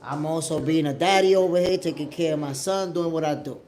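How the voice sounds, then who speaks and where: A man from New York City with a New York accent, hosting a boxing show as a casual livestream chat from home, animated and talking straight to his viewers. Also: fairly high pitch, brisk. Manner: animated, repeats himself, talks straight to viewers. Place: home, at the Dominican Republic.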